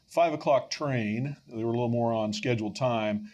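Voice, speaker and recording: A middle-aged man hosting a podcast, telling a story with lively energy and frequent fillers and restarts. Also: medium pitch, moderate pace. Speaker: podcast host and rescue mission leader.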